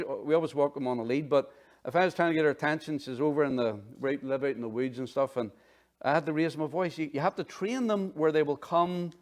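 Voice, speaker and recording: Man, pastor, lively conversational sermon, slightly raised voice. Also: fairly high pitch. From Northern Ireland. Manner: animated, conversational preaching with asides.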